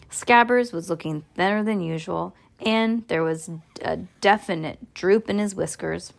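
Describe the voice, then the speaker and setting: A woman's voice: lowish voice, measured pace, vocal fry. A woman reading a storybook aloud, often stumbling over words and correcting herself.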